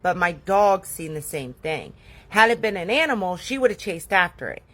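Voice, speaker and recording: A woman's voice: fairly low pitch, animated, moderate pace, a bit bright. A woman outdoors at her home, earnestly telling a frightening experience. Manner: earnest, shaken storytelling. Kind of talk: casual story time.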